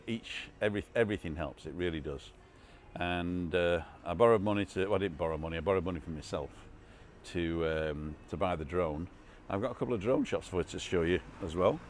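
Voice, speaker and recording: Chatty older man, low voice. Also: a little hiss or hum. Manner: rambling, chatty, many restarts and asides. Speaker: live-stream vlogger. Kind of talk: casual live-stream chat reading comments. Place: outdoor bar terrace.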